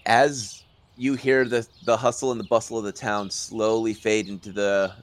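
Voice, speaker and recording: A man narrating as game master of a tabletop role-playing game, in a relaxed, halting way. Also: on the low side.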